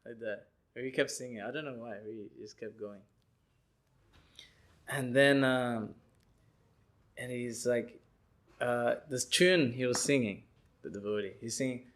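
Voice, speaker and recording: A man giving a lecture, telling an animated story and acting out the people in it. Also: medium pitch, a little slow, pauses often, heavy background noise. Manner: animated, acts out people he describes and sings chants.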